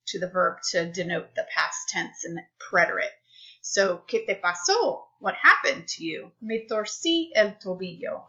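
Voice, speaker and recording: Slow, bright-voiced woman teaching Spanish. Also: mid-range voice, dull audio. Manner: clear, explanatory, unhurried. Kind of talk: recorded classroom lesson.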